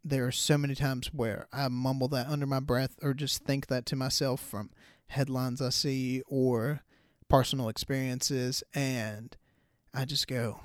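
A man's voice: medium pitch, steady tone, a little slow, dry recording, studio quality. A man hosting a podcast alone, talking in a loose, chatty, profane way with lots of fillers and restarts. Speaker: podcast host. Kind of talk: casual solo podcast rant.

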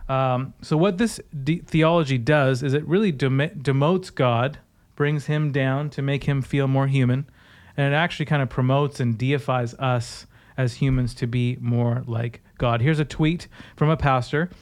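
Smooth-voiced man, casual podcast talk. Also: mid-range voice, normal speed, hardly any pauses. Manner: animated, laughing, reads quotes in mocking voices. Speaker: podcast co-host. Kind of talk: casual chat with quoted impressions.

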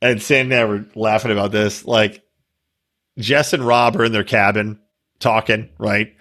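A man's voice: fairly low pitch, fairly even intonation, unhurried, a bit bright. A man co-hosting a podcast in crude casual chat, joking and acting out people in mocking voices. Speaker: podcast co-host.

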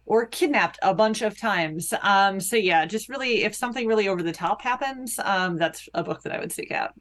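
A woman guest on a podcast, chatting casually and easing into answers with "um" and "yeah so". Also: lowish voice. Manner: relaxed, hedging with "um" and "yeah".

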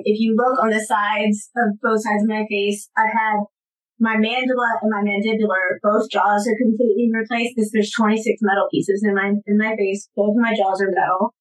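Woman, interview guest, personal testimony, earnest, emphatic, halting restarts, mid pitch. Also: rough recording.

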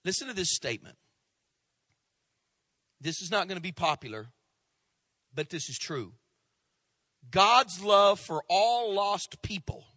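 Male pastor, sermon, very high voice, loud bursts then hushed drops. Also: no room sound. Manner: preaching with sudden loud rising outbursts and hushed drops.

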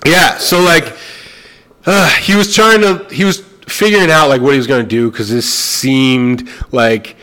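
A young adult man telling a story in casual chat, animated and swearing, acting out the other people's lines. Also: medium pitch, measured pace.

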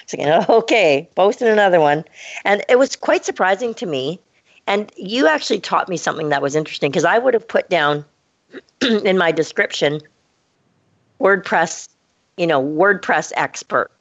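Woman, storyteller, animated, acts out dialogue, lower voice, dull dry sound. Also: moderate pace, no room sound. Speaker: podcast co-host telling a story. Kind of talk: casual storytelling chat.

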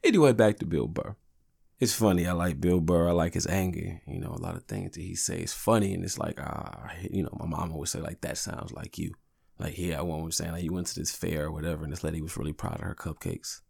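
A man's voice: low voice, fast talker, creaky, darkish tone, husky. A man in his thirties hosting a podcast, rambling through profane, laid-back stories. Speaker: podcast host. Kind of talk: casual solo podcast monologue.

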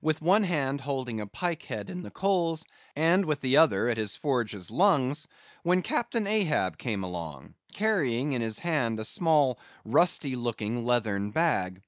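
A man narrates a classic novel as an audiobook in a measured, deliberate way, taking his time over each phrase. His voice sits in a middle pitch, and the recording is dry, close and a little dull. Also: sing-song, no room sound. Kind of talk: scripted literary narration.

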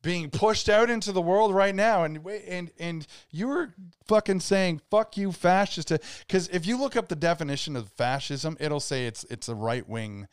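A man's voice: on the high side, moderate pace, hardly any pauses, clear, resonant tone, no echo, studio quality. A man co-hosting a casual podcast, talking earnestly with some hesitation and swearing. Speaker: podcast co-host. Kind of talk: casual chat.

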